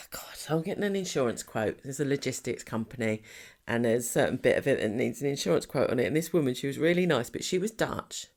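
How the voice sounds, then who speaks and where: A woman's voice: extremely low pitch, lively intonation, a little fast. A middle-aged woman, co-hosting a podcast in casual, teasing chat and laughing often. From England. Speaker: podcast co-host.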